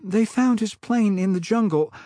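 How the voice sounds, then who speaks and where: A man's voice: high voice, moderate pace, warm tone, dry recording, studio quality, pitched above the performer's own voice, close to an everyday voice. A man voicing a grieving mother who stammers through bad news in a storybook reading. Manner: stammering, tearful.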